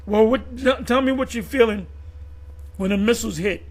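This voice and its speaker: A man's voice: very high voice, normal speed. A man giving a rambling commentary monologue, full of restarts and fillers. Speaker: video commentator.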